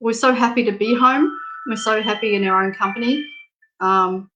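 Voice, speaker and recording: A woman's voice: on the high side, moderate pace, muffled recording, background noise. A middle-aged Australian woman giving a spiritual reading on a live stream, frank and affectionate, laughing often. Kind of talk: casual live-stream chat.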